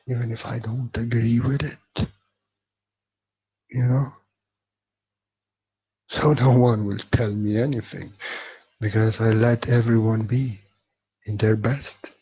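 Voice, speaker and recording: A man giving a spiritual monologue with a husky voice, speaking emphatically and swinging between soft and loud. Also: mid-range voice, highs cut off. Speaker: spiritual teacher.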